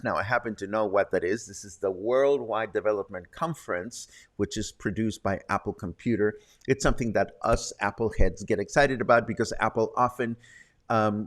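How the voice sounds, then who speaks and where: A man hosting a casual local news and weather roundup, chatty, with wry asides. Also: medium pitch. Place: Puerto Vallarta, Mexico.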